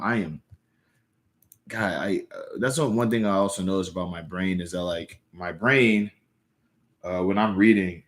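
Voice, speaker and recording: A young man chatting casually on a live stream, rambling with lots of fillers and restarts. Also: deep voice. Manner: rambling, filler-heavy, self-correcting. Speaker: livestreamer reading comics aloud. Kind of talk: casual live-stream chat and comic read-aloud.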